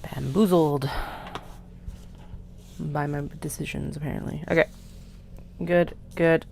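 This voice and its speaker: Vlog crafter, woman with a low gravelly voice, chatty asides, faint room hiss. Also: fairly even intonation, slow, pauses often, mellow. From Canada. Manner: chatty, self-mocking, muttering to herself while cutting fabric. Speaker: craft maker. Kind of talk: casual work-along vlog narration. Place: home sewing studio.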